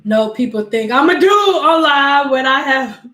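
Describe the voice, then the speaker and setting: A woman's voice: sits high, measured pace. A young woman telling funny stories in a casual chat, laughing often and acting out other people's voices. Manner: laughing, animated, acts out voices in quotes. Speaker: vlogger. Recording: echoey room.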